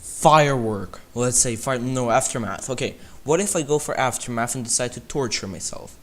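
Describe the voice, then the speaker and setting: A man's voice: medium pitch, normal speed, a bit bright, a little hiss or hum. A young man streaming a game, thinking aloud in a casual, slangy way. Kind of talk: casual live-stream commentary while playing.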